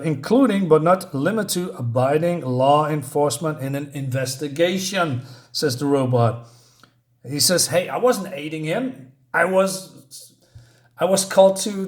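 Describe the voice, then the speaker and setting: A man casually recapping a comic book issue, reading out the characters' lines, with lots of fillers and a way of talking. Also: fairly high pitch. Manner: retells the plot, reads out character lines with many fillers and laughs.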